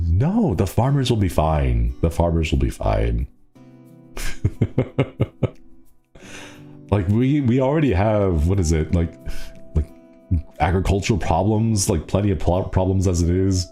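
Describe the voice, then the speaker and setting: A man's voice: deep voice, animated, moderate pace, dark tone, faint music behind. A man with a stuffy nose, chatting playfully and rambling on a casual stream from a small city apartment.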